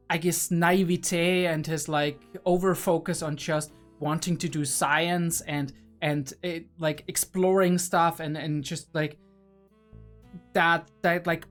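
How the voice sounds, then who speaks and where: A young adult man hosting a reaction video, musing aloud in a casual, rambling way with many fillers and restarts. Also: a little high.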